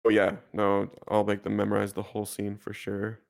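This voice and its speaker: A man's voice: fairly low pitch, completely flat delivery, moderate pace, creaky. A young man co-hosting a podcast, talking in a laid-back, rambling way and laughing easily. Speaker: podcast co-host. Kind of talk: casual chat.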